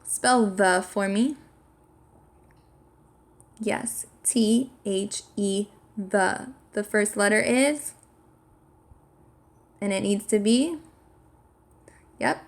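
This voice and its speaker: Taking it slowly and leaving long pauses, a woman with a creaky mid-range voice teaches sight words to little children. She spells each word letter by letter and encourages them, giving clear kindergarten-style instruction.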